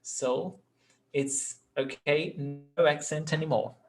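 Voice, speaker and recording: A man's voice: a little high, steady tone, slow pace, faint music behind. A man, teaching a language class and patiently repeating example words. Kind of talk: live online class.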